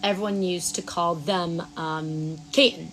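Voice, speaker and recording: A woman hosting a live Reiki session outdoors. She chats with viewers, stumbles over their names, then gives soft, slow breathing cues. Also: lowish voice, steady tone, faint music behind. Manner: chatty, reads viewers' names aloud and fumbles them. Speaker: Reiki practitioner and stream host. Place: outdoors at sunrise.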